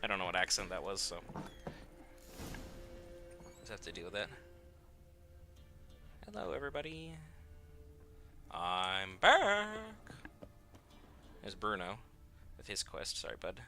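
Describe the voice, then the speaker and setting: A man's voice: deep voice, very animated, slow pace, vocal fry, long pauses, sharp tone, soft background music. A man streaming a game, chatting casually and wryly to his chat as he plays. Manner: chatty, wry, talks to chat. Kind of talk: casual gameplay commentary.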